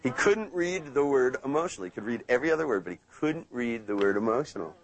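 A man running a live hypnosis seminar, playful and storytelling, sinking into a slow hypnotic tone when he demos trance suggestions. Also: medium pitch, animated, poor audio. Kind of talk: live seminar teaching with anecdotes. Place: seminar room with live audience.

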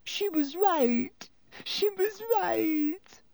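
A man voicing a tearful, dramatic schoolgirl who talks through sobs in a high, trembling voice. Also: expressive, very slow, creaky, a little mellow, dry recording, full character voice. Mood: tragic. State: crying. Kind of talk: audiobook character voice.

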